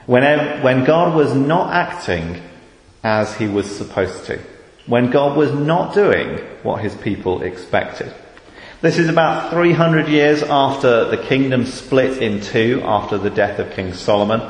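Slow, measured British preacher in echoey hall. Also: male voice, medium pitch, animated. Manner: measured, rising to fervent emphasis on key words. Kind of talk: sermon. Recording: echoey hall with long reverb.

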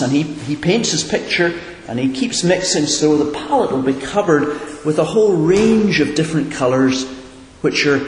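A man preaching in an earnest, questioning way, often repeating a word as he searches for the next. His voice carries through a large hall with a long, reverberant tail. The recording is roomy and distant. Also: on the high side. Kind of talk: sermon. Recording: echoey hall, far from the mic.

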